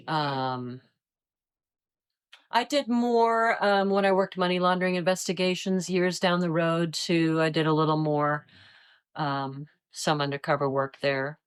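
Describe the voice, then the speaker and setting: A woman in her fifties from Iowa, a retired agent telling stories in a relaxed interview and acting out the voices of others. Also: lowish voice, unhurried, clear, resonant tone. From Iowa, United States. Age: 50s. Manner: animated, acts out quoted voices. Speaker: retired DEA agent, guest. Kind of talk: casual interview storytelling.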